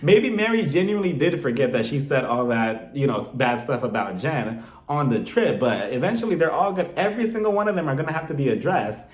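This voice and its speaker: A man giving an animated, gossipy casual video review, recapping with frequent laughs. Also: medium pitch, brisk. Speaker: TV show reviewer. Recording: roomy echo.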